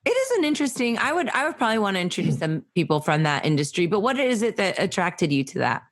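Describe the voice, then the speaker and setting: A woman's voice: medium pitch, big pitch swings, quick pace. Teasing woman with a New Jersey accent. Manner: teasing, direct questions. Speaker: podcast host. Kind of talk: casual chat.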